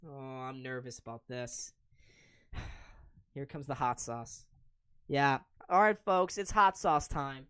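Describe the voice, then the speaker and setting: A man calling hockey play-by-play on a live reaction stream, excitable, with groans and laughs between calls. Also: mid-range voice, takes it slowly, pauses often, smooth. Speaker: streamer commentator.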